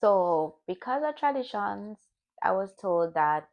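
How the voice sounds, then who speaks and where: A young woman speaks candidly to camera in a personal vlog, looking back over her year. Her voice has a gravelly, fry-edged texture, and her pitch sits in a middle range. She pauses and restarts as she reflects. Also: expressive, dull audio. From Jamaican family. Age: young adult. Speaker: vlogger.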